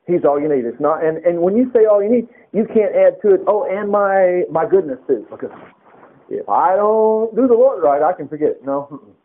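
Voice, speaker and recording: A man's voice: sits high, expressive, a little fast. A man preaching informally, reading Bible verses aloud and breaking off into conversational asides. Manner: conversational, reads scripture aloud, frequent asides. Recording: tinny phone-like radio broadcast.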